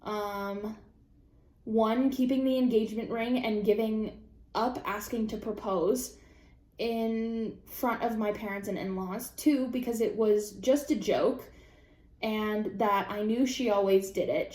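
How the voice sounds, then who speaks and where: A young woman vlogger chatting casually, reacting to online posts in an animated, profane way with sudden high-pitched outbursts. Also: roomy sound. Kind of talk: casual chat.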